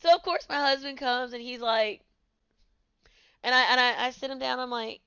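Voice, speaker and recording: A woman's voice: high voice, fairly even intonation, moderate pace, long pauses, fairly bright tone, clear, resonant tone, dry recording, muffled recording. A woman in her thirties hosting a podcast, telling her own story in a candid, conversational way. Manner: candid, conversational, with many fillers. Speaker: podcast host. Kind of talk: personal storytelling.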